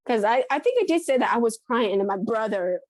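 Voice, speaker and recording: A woman's voice: on the high side, animated, quick pace, darkish tone, dry recording. A woman co-hosting a book podcast in casual chat, talking with many restarts and frequent laughs. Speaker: podcast co-host.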